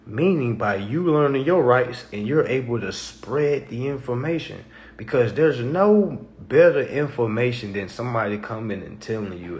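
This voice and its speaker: A man's voice: mid-range voice, a little mellow. A man hosting a live stream, talking casually in a preachy, repetitive way, often asking "okay?" and acting out other people's doubting replies.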